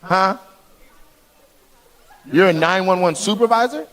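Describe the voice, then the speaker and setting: A man's voice: high-pitched, takes it slowly, a bit bright, a little hiss or hum. A male stand-up comedian doing crowd work on a club stage, brash and teasing, often laughing as he talks. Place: comedy club stage before a live audience. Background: audience laughter and clapping.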